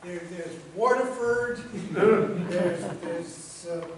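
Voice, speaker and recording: An actor playing a pushy, clueless New York theater director who talks over others breezily. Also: male voice, high voice, very slow. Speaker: actor in a stage comedy. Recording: echoey stage from far off with noise.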